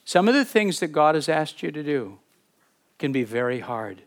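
A man with a somewhat high voice delivers a heartfelt sermon as a pastor. He speaks earnestly to his congregation, now pressing a point, now going quiet, and he often stumbles over and repeats words as he goes. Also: sing-song, normal speed. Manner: earnest, repeats words when searching, swings from emphatic to hushed.

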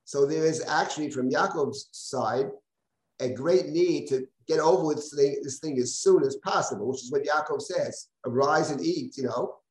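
A man's voice: fairly high pitch, moderate pace, a little mellow, reverberant, low-quality recording. A man teaching a live text-study class as a rabbi, reading verses aloud and explaining them in a conversational way with self-deprecating asides.

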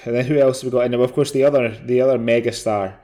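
A man's voice: mid-range voice, steady tone, very fast, dark tone. A man co-hosting a podcast, chatting casually about a film and often repeating words as he goes. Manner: conversational, stumbles and repeats words. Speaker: podcast co-host. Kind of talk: casual film-review chat.

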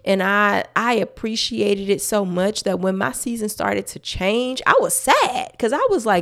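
A woman's voice: mid-range voice, a little slow, gravelly, hardly any pauses, a bit bright. A woman hosting a faith-based podcast, talking earnestly and emphatically straight to her listeners. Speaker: podcast host.

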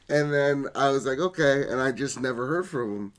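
A young man in his twenties with a mid-pitched voice that swoops up and down. He co-hosts a podcast over a remote call, laid-back and wry, with easy swearing. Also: animated, normal speed. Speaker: podcast co-host. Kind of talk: casual podcast chat.

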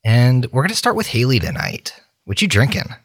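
A man's voice: mid-range voice, wildly swooping pitch, slightly rough, dry recording, clean studio sound. A man hosting a tabletop game podcast, teasing his players in casual chat. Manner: joking, teasing, quick laughs. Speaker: podcast host.

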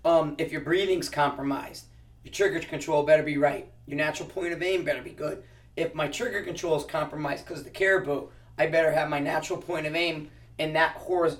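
A man's voice: a little high, recorded from a distance. A man who teaches precision rifle shooting, answering interview questions casually and explaining with practical analogies, often restarting his sentences.

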